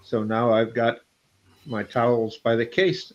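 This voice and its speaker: A man's voice: mid-range voice, steady tone, a little slow. A man in his seventies telling a rambling, self-deprecating story on a video call. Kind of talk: casual chat. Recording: slightly muffled call audio.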